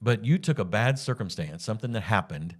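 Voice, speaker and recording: A man hosts a sports podcast in a casual sit-down interview. He has a somewhat low voice and cheers his guest on with short, encouraging remarks. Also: animated. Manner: encouraging, quick affirmations. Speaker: podcast host.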